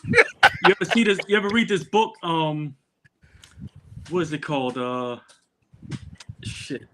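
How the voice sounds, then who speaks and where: A man's voice: fairly high pitch, expressive, unhurried, heavy background noise. A man co-hosting a podcast, laid-back and joking with his guests. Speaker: podcast co-host. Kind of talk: casual podcast chat.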